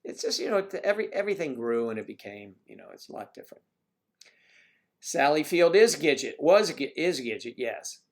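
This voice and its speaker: A man's voice: on the high side, big pitch swings, fairly quick. Chatty rambling man hosting a livestream. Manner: rambling, chatty, full of asides. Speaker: livestream host. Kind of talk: casual chat.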